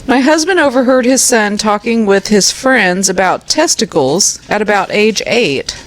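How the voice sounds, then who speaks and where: Woman podcast host, slow, lively pitch, reads listener stories, laughs often. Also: low-quality recording. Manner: laughs often while reading. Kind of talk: reading listener stories aloud.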